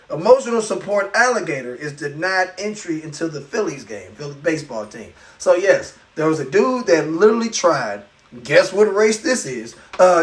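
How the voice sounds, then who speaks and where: High-voiced man ranting comedically. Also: recorded from a distance. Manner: animated, profane, incredulous. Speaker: podcast host. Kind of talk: comedic rant on a live podcast.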